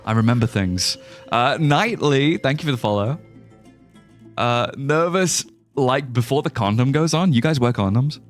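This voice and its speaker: Faint guitar music plays as this English-accented young livestreamer talks loosely with his viewers during a gameplay stream, laughing and cursing a lot. He speaks at a normal speed with medium pitch and lively intonation.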